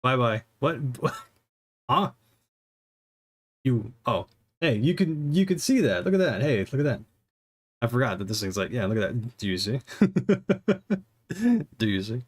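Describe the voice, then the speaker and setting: A man's voice: medium pitch, very animated, measured pace, pauses often, slightly rough. A young man streaming a game, chatting casually and rambling with his viewers. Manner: rambling, chatty, laughs often.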